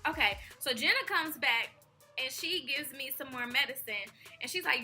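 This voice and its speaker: A woman's voice: high voice, lively intonation, normal speed, bright, forceful tone, soft background music. A young woman telling a chatty storytime vlog and acting out the people in it. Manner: chatty, acts out quoted people. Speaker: vlogger. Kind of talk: casual storytime.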